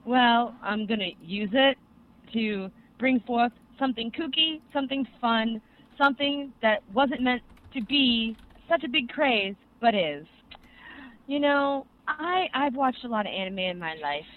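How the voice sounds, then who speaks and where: Recorded with a tinny, phone-quality sound, a young adult co-host chats casually on a podcast, eagerly recapping an anime. Fillers pepper the rambling talk, delivered in a mid-range voice at an easy pace.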